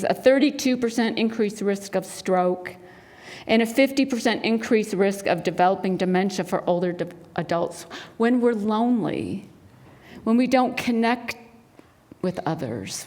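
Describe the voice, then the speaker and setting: A woman speaking to a spiritual center congregation, telling stories and acting out the people in them. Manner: animated storyteller, acts out quotes in a high bright voice. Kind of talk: sermon talk with storytelling. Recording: long hall reverb.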